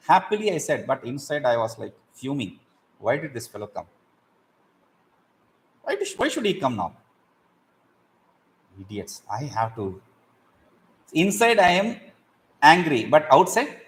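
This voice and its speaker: Animated man teaching scripture. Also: mid-range voice, measured pace, pauses often, low-quality recording. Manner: animated, acts out examples, chants Sanskrit verses. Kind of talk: explaining Sanskrit verses in a class.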